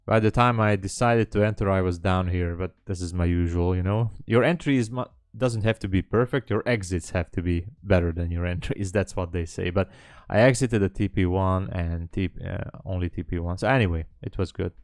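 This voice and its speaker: A man's voice: sits low, fairly quick, few pauses, no room sound, clean studio sound. A man hosting a live trading stream, chatting casually and hesitantly with viewers in a rambling way. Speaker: livestream trading host.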